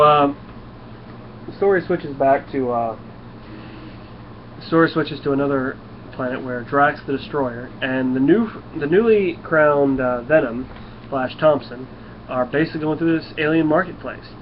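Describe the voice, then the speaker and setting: A man's voice: mid-range voice, muffled recording, slight background noise. A man casually reviewing a comic book, talking in a loose, rambling way and sometimes tripping over words.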